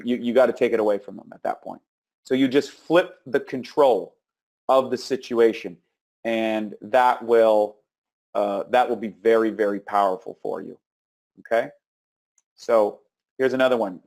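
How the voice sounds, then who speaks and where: A man's voice: mid-range voice, darkish tone. A man coaching network marketers on a live webinar, talking casually with fillers and repeated words, and acting out sample scripts with emphasis. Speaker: sales coach.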